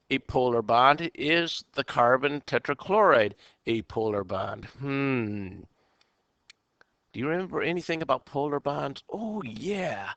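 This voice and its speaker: A man walks through a chemistry lecture at an unhurried pace, thinking aloud and tossing in playful exclamations. His voice is bright and crisp. The recording is dry and close, with no room sound. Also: medium pitch, no room sound. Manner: playful, talks to himself, quirky exclamations. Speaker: chemistry teacher.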